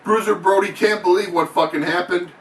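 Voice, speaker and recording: Man, mock wrestling play-by-play, excitable announcer patter, lots of swearing, roomy echo, faint background hiss. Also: high voice, brisk, far from the mic. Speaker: channel host. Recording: echoey room, off-mic, faint noise.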